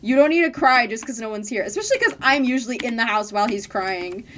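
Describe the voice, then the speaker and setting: A woman's voice: a little high, expressive, quick pace, fairly bright tone, a little hiss or hum. A young woman chatting casually while streaming a game, laughing often and swearing offhandedly. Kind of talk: casual gaming stream chat.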